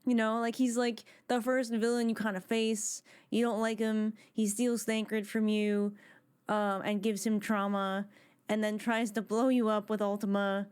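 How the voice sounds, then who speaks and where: A woman chatting on a casual live stream, excitable and rambling, with lots of "like" fillers. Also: mid-range voice, a little slow, smooth.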